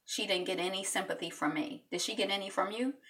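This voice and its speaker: A woman's voice: mid-range voice, fast, fairly bright tone, distant mic. A woman hosting a casual live stream, rambling through an episode recap with lots of fillers and restarts. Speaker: reality TV recap host.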